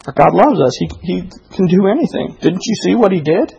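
A middle-aged man preaching a sermon, impassioned, rising to loud emphatic delivery full of rhetorical questions. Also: fairly high pitch, normal speed, creaky, few pauses, husky, low-quality recording. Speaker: pastor.

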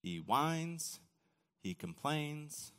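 Bright-voiced preacher in a reverberant hall. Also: male voice, a little high, big pitch swings, very slow. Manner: casual storytelling with acted quotes and sudden drops to near-whisper. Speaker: pastor. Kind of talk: sermon.

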